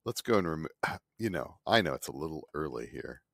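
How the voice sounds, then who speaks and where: Cranky guy in his fifties ranting about art, deep voice bouncing all over, dry room. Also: big pitch swings, a little fast, vocal fry, a bit bright, no echo. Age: 50s. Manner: cranky, sarcastic, mocking others in put-on voices. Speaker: artist vlogger. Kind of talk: casual rambling monologue. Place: home studio.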